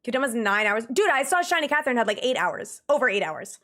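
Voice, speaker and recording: Chatty young woman streamer, animated. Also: on the high side, a little fast. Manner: animated, exasperated ranting with laughs. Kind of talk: casual livestream chat.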